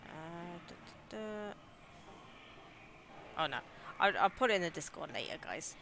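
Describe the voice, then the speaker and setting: A woman's voice: on the low side, expressive, brisk, vocal fry, noisy background. A young woman with an English Midlands accent chatting casually and giggling as she streams a game. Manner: chatty, giggly, reacts aloud to scares. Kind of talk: casual live gameplay commentary.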